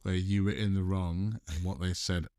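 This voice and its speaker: A man's voice: sits low, steady tone, normal speed, a little mellow, no echo. A man co-hosting a podcast, chipping in with dry, wry remarks in casual chat. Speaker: podcast co-host.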